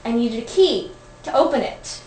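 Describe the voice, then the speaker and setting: A woman's voice: on the high side, lively intonation, moderate pace, darkish tone. A woman telling a comic personal story at an open mic, chatty and laughing often. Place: event room, audience present. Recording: echoey room, distant noisy mic.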